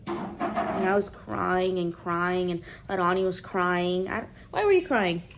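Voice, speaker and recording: A woman's voice: on the low side, slow pace, background noise. A young woman vlogging at home, telling a personal story in casual chat and acting out what others said. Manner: animated, quotes others in playful voices.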